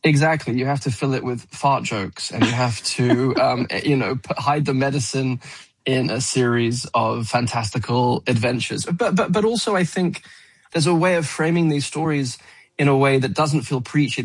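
A man's voice: mid-range voice, moderate pace, breathy edge, poor audio. A man speaking as an actor guest in a radio interview, earnest and searching for words, often restarting.

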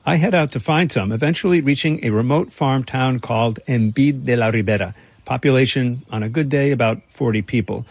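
A male radio reporter narrating a scripted feature in a measured, dry way. His voice is husky and close, recorded in a dead-quiet booth with no room sound. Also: medium pitch, no echo.

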